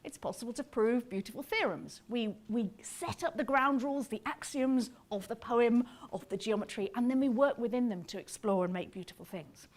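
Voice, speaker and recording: A woman giving an animated, explanatory public lecture, sometimes tapping out rhythms aloud. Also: a little high, normal speed, hardly any pauses. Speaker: conference speaker.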